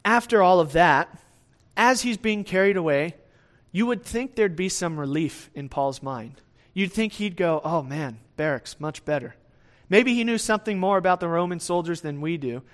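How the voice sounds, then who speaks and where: A man preaching a sermon in a conversational way, often checking in with his listeners. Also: high voice. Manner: lively swings in loudness, speeds up and slows down. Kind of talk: sermon, verse-by-verse teaching.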